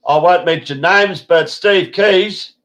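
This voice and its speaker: A man's voice: sits high, slow pace, a bit bright. A man hosting a live-stream chat, rambling and swearing casually. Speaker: host.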